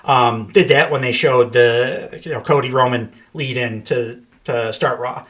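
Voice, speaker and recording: Dude rambling on a podcast, lots of um and like, laughs a bunch, swears. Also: male voice, medium pitch, steady tone, measured pace, a bit bright. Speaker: podcast host. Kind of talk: casual wrestling podcast chat.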